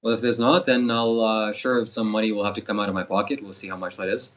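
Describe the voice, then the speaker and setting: A man who hosts spiritual retreats, speaking calmly and earnestly with hesitant fillers. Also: lowish voice, fast talker. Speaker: spiritual streamer and retreat host. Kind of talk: casual chat.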